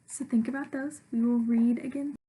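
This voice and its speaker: A woman, an elementary school teacher, reading a chapter book aloud to her students in a lively, expressive way, then talking to them about the story. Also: a little high, moderate pace, breathy edge.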